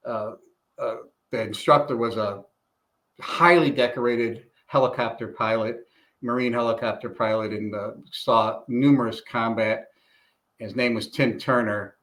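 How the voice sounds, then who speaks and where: A middle-aged man tells stories in a loose, conversational way, slipping into other people's voices as he recounts what they said. He speaks at an ordinary pitch, with the plain manner of a retired police chief. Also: a little slow. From Illinois, US. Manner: animated storyteller, acts out quoted dialogue. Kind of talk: casual storytelling interview.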